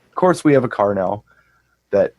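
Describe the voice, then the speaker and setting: Low-voiced man telling a rambling story. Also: expressive, normal speed, no echo, rough recording. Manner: rambling, repeats words, anecdotal. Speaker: co-host and DJ. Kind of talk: casual chat, storytelling.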